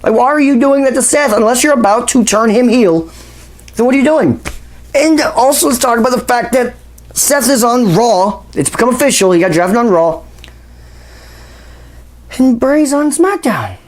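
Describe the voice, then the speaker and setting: A man's voice: very high-pitched, moderate pace. Exasperated profane man ranting. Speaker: wrestling commentary host. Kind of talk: casual ranting recap.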